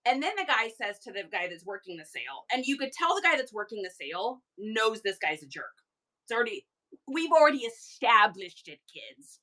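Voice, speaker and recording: Chatty bright-voiced woman livestream host. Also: fairly high pitch, low-quality recording. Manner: chatty and animated, quick asides to viewers. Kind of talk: casual storytelling to a live chat.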